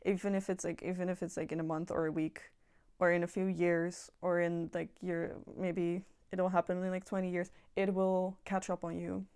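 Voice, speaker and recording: Earnest young woman, warm reassuring voice. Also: fairly low pitch, flat delivery, moderate pace, clear, resonant tone. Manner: earnest, reassuring, repetitive, casual swearing. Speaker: self-improvement vlogger. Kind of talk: casual monologue to camera.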